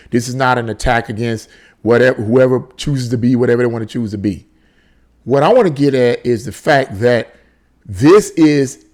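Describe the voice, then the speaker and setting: Male commentary host, mid-pitched, exasperated and incredulous, reads posts then reacts. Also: a little mellow. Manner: exasperated, incredulous, repeats phrases. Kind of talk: solo commentary reading tweets aloud.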